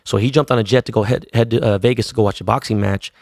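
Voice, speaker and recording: A man's voice: on the low side, steady tone, rapid-fire, creaky, a little mellow, no echo, clean studio sound. A middle-aged man from Los Angeles, a DJ, telling a story in a loose, profane, slang-heavy way. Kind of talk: casual storytelling.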